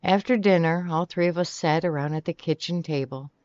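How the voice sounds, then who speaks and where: A narrator reading a first-person novel in a steady, even storytelling manner. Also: medium pitch, brisk, clear, resonant tone, dry recording. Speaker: audiobook narrator. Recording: dry, slightly muffled sound.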